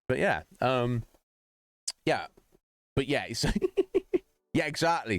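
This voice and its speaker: A man's voice: mid-range voice, expressive, takes it slowly, pauses often, no room sound. A man streaming and chatting casually with his viewers, rambling, joking and laughing often.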